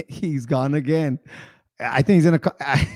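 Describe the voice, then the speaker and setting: A man's voice: fairly high pitch, a little slow, darkish tone, dry recording, studio quality. A man hosting a casual live show, telling stories in a chatty, rambling way. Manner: chatty storyteller, laughs often; rambling with filler asides. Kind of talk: casual livestream chat.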